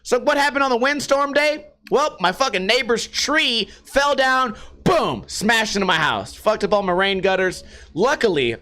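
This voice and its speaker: A man telling stories about his week in a casual, profane vlog monologue, animated and swearing often. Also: extremely high pitch, moderate pace. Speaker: vlogger.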